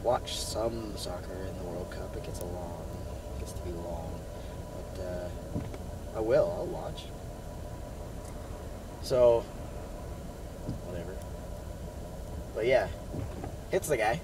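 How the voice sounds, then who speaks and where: A young man chatting casually in a rambling, animated way, full of fillers, telling a story from inside a car. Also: sits low, slow pace, pauses often, far from the mic, background noise. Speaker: vlogger. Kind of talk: casual chat.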